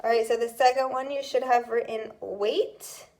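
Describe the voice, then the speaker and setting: A woman's voice: fairly high pitch, fairly even intonation, a little mellow. A woman teaching a recorded second grade phonics lesson, explaining step by step and checking in with "okay?" as she goes. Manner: slow, patient explaining with repeated "okay?" checks.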